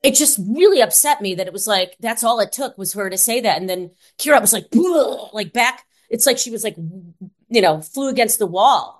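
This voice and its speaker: Chatty animated woman podcast co-host. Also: a little high, a little fast. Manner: animated, fillers like "like" and "um". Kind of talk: casual podcast chat.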